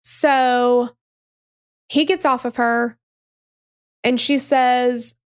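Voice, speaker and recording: A woman's voice: a little high, fairly even intonation, extremely slow, clear, resonant tone. A woman hosting a true crime podcast, telling the story in a casual, emphatic way and swearing freely.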